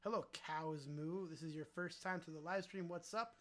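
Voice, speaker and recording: Joking streamer guy, higher pitch. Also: moderate pace, a bit bright. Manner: joking, reads viewer chat aloud, swears freely. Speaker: livestream host. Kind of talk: casual livestream chat.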